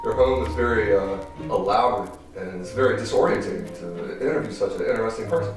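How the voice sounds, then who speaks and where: A man's voice: on the low side, a little fast. A man interviewing a guest, asking his questions in a dry, teasing way. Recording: echoey room, distant mic, music.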